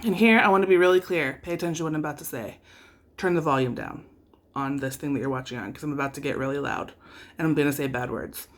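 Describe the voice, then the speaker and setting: A woman's voice: low-pitched, quick pace. A woman vlogging about parenting, with a wry, self-deprecating storytelling manner. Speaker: vlogger and mother. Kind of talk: casual vlog storytelling.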